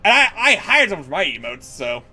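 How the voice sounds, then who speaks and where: A man streaming a game live, talking excitedly and stammering as he chats with viewers. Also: high-pitched, brisk, breathy edge, soft background music. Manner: excitable, stammering, swears casually.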